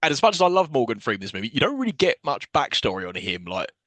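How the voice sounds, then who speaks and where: A man co-hosting a film podcast, retelling scenes in a casual, animated and incredulous way, swearing freely. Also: mid-range voice, very fast, no echo. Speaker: podcast co-host. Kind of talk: casual film review chat.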